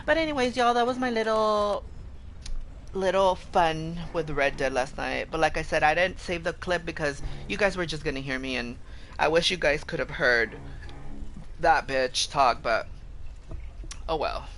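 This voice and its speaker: A man's voice: a little high, moderate pace, slight background noise. A man live-streaming a shooter game, telling stories and trash-talking in brash, profane casual chat. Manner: animated storytelling.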